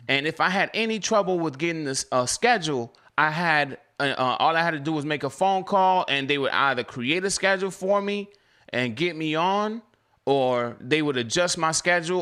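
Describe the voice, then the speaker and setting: In a casual live-stream conversation, a young delivery driver shares his story with plenty of energy. When he gets heated, his pitch climbs upward.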